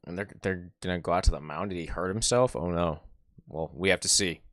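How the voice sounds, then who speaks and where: A man with a sore throat streaming live play-by-play and reaction, excitable and nervous, swinging from loud cheering to quiet muttering. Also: low voice, brisk, no echo, studio quality.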